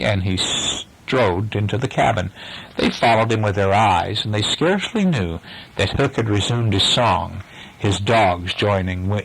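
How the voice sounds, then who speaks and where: A man's voice: on the low side, vocal fry, fairly bright tone, breathy edge, poor audio. An older man reading a bedtime story aloud to a child, with casual asides to the listener.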